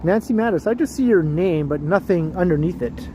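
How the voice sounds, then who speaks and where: A man's voice: high-pitched, expressive, fairly quick. A man hosting a walking livestream outdoors downtown, chatting casually with viewers and laughing often. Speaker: livestream host. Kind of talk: casual live-stream chat. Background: city traffic.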